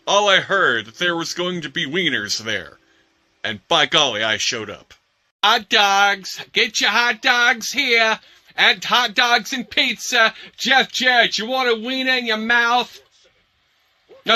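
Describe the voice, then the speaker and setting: A man playing a goofy male hot-dog vendor with a put-on accent, hawking and shouting in a comedy sketch. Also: sits high, voice pushed up, full character voice.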